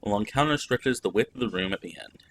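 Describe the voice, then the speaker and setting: A man reading as an earnest young French woman telling her journey in first person. His voice stays low and plain. Faint noise sits behind it. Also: fast, a bit bright, close to an everyday voice, low-quality recording. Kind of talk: reading game narration aloud.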